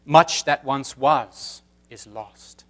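A man putting on a British accent to voice an ancient elf queen, speaking slowly and portentously. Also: medium pitch. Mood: solemn. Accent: put-on British.

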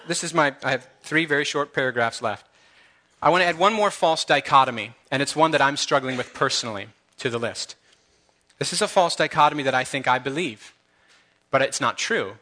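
Church elder, man, fervent sermon delivery, somewhat high and sharp voice. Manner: earnest, impassioned, talks straight to the congregation.

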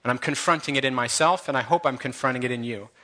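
A man's voice: medium pitch, fast talker, pushed and bright. A man who is a church elder, preaching an earnest and impassioned sermon straight to his congregation.

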